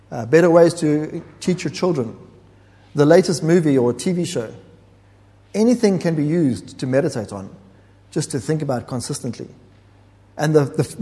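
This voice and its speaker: A man's voice: fairly high pitch, dark tone. Man preaching in a reverberant hall. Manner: earnest, explanatory, with hesitant restarts. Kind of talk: sermon.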